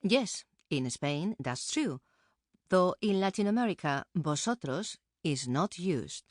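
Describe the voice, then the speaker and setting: A woman co-presenting a pronunciation course with calm, careful explanation, recorded close on a studio mic. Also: lowish voice, takes it slowly, no room sound. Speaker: Spanish co-presenter. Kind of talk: scripted instructional narration.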